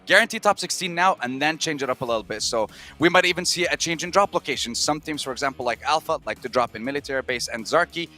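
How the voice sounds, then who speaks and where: A man explaining team strategy at an esports desk in an energetic way. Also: a little high, fast, few pauses. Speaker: desk analyst. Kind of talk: esports analysis.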